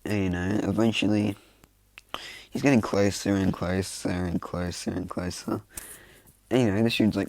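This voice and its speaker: A man's voice: low voice, fairly even intonation, moderate pace, long pauses, a little mellow, no echo, rough recording. A man telling a story casually at home, rambling with lots of fillers. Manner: rambling, heavy fillers, loose and offhand. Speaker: fan storyteller. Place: room at home.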